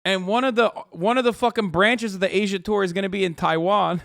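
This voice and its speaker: A man's voice: high-pitched, fairly even intonation, fairly quick, vocal fry, few pauses, fairly bright tone, no room sound, clean studio sound. A man in his thirties, a live streamer, ranting sarcastically with heavy swearing in casual commentary.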